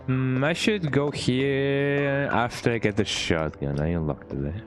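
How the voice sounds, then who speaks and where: Soft music plays beneath a man's unhurried, mid-range voice with lively intonation as he plays a game on stream. Casual and playful, he talks with his viewers and ends nearly all his sentences with a questioning "eh?".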